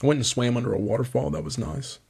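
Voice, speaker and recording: A man's voice: mid-range voice, fast talker, creaky, a little mellow, husky. A young man co-hosting a podcast, telling a rambling story in casual chat, full of "like" and swearing. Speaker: podcast co-host.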